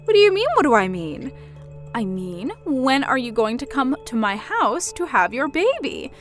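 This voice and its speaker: Playing a domineering middle-aged mother in a drama, a woman speaks down to her daughter in a mocking, pushy, yet doting manner. Her sing-song delivery moves at a moderate pace, with a high pitch that swings widely. Soft music plays beneath her.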